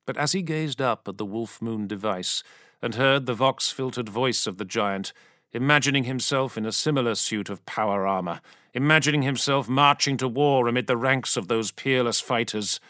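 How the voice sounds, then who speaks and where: A man reading a story aloud as an audiobook narrator in a dramatic, expressive manner. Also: medium pitch, moderate pace, no echo, studio quality.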